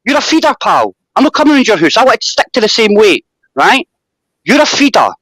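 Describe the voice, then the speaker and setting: A man's voice: high voice, sing-song, a little fast, fairly bright tone, no room sound, poor audio. A man arguing angrily on a live stream, repeating himself, swearing and talking over the others. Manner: angry, repetitive, swearing, talks over others. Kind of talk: heated argument on a live stream.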